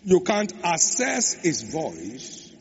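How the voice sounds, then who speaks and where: A man's voice: a little high, huge pitch swings, extremely slow, slightly rough. A man preaching a sermon, stressing and repeating key phrases. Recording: echoey hall, dull lo-fi sound, faint hum.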